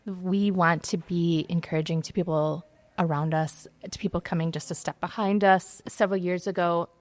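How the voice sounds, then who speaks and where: A woman guest on a podcast talks earnestly about encouraging others. Her voice sits fairly low for a woman. The recording is close and dry, with no echo. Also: fairly even intonation, normal speed, a little mellow. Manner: earnest, encouraging, affirms often. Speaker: devotional writer, podcast guest. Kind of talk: casual conversational interview.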